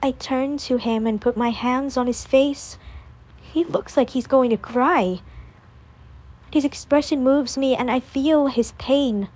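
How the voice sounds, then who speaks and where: A woman narrating a first-person audiobook in a calm, measured reading voice. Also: fairly high pitch.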